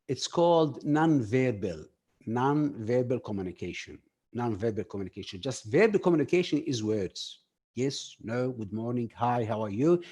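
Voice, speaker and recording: A man delivers a workshop lecture at an unhurried, measured pace. His speech is halting and full of fillers, and he often turns to the group with questions. His pitch sits in a mid, ordinary range. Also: a little mellow, breathy edge. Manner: halting, filler-heavy, addresses audience directly. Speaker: communication skills trainer.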